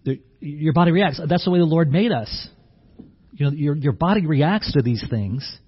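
Husky-voiced man preaching conversationally. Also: a little high, lively intonation, moderate pace, dull audio. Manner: conversational, repeats and restarts words, acts out the scene. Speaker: pastor. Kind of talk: sermon.

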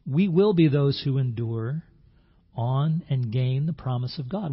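Male pastor, husky voice, earnest sermon, dull lo-fi recording. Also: mid-range voice, a little slow. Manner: earnest, with repeated words and restarts. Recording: dull lo-fi sound.

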